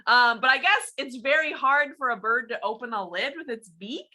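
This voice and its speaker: A woman with a fairly high, bright voice chats casually as a podcast co-host. She tells a news story in a relaxed way and laughs easily along the way. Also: normal speed. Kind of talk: casual chat.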